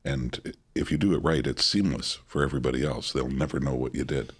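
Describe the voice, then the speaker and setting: A man with a very deep voice hosts a podcast. His tone is husky and breathy, and he asks long, playful questions in a relaxed conversation. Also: brisk. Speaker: podcast host. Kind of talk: casual chat.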